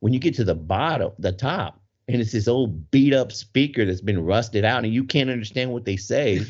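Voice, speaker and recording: A man's voice: mid-range voice, lively intonation, normal speed, slightly rough. A middle-aged man hosting a podcast, animatedly telling a story and laughing as he goes. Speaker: podcast co-host. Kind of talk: casual storytelling. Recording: muffled lo-fi recording.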